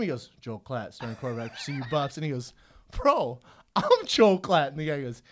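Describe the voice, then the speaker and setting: Animated man telling a story. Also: a little high, fairly quick, slight background noise. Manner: animated storyteller, acts out quotes. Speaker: podcast co-host. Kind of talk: casual chat.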